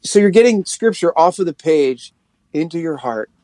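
Upbeat middle-aged pastor, fairly high voice. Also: male voice, lively intonation, darkish tone, no room sound. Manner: upbeat, conversational, slows down to read scripture. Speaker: pastor and worship leader. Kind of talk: casual podcast advice.

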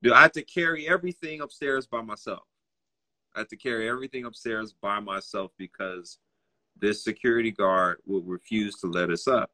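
A young man with a low, bright, forceful voice tells personal stories in relaxed conversation. He acts out the other people in his stories with lively changes of voice. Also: fairly quick. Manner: animated, acts out other people's lines in a raised voice. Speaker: guest telling personal stories. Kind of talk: casual conversational storytelling.

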